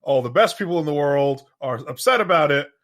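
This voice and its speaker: A man with a slightly raised voice co-hosting a casual podcast, relaxed and quick to laugh. He wanders through a news story with plenty of "um" and "like". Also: fairly high pitch. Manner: relaxed, laughs often, retells news with fillers. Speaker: podcast co-host. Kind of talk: casual political podcast chat.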